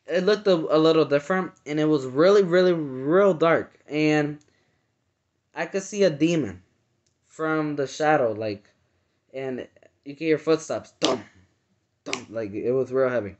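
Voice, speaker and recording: A man earnestly recounting a dream in casual, halting speech full of fillers and restarts. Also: a little high. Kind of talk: casual personal storytelling. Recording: dull lo-fi sound.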